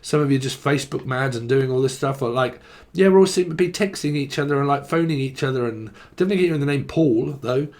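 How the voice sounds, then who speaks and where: A man's voice: mid-range voice, quick pace, a little mellow. A man giving a casual tarot reading, rambling and joking as he goes. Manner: playful, rambling, jokey. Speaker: tarot reader.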